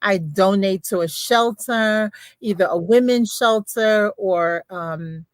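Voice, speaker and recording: An older woman, a grandmother and beauty consultant, chatting on a livestream in an animated, emphatic storytelling manner. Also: medium pitch, slow, no echo. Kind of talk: livestream testimonial chat.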